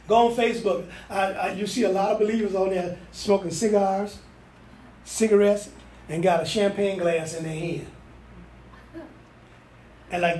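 A man with a high voice preaches a sermon, pressing his points with fervent repetition. His words ring out in a roomy space with plenty of echo. A faint hum sits underneath. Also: fairly even intonation, normal speed, pauses often, a little mellow, far from the mic.

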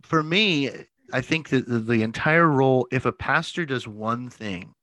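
A man's voice: mid-range voice, a little slow, a bit bright, dry recording, low-quality recording. A man who works as a pastor, chatting casually and telling stories in a rambling way, often repeating his words. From northern United States. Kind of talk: casual podcast chat.

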